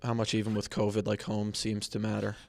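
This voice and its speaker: A man's voice: lowish voice, completely flat delivery, a little fast, gravelly. A man co-hosting a sports betting show in a studio, speaking hesitantly and in a laid-back way. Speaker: co-host. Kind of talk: casual sports betting chat.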